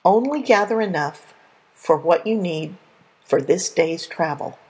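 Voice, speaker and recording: A woman's voice: on the low side, animated, unhurried, a little mellow, breathy edge, poor audio. A woman voicing Moses as a firm, weary male leader in a spoken Bible story.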